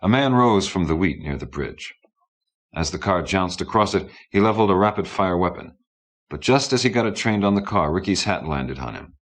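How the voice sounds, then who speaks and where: Very deep-voiced male audiobook narrator. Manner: steady, measured storybook narration. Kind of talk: audiobook reading.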